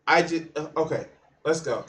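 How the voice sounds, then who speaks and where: A man's voice: on the high side, moderate pace, fairly bright tone. Blunt, profane man reacting on stream. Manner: blunt and profane, trailing off in restarts. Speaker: livestream host reacting to videos. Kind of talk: casual reaction commentary.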